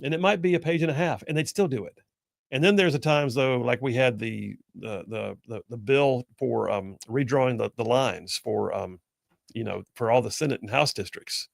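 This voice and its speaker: A middle-aged man with a drawl hosts a talk radio show, spinning folksy stories with jokey asides. His voice carries a gravelly edge, and the studio sound is dry and close. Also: medium pitch, normal speed, dry recording. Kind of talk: casual call-in talk radio chat.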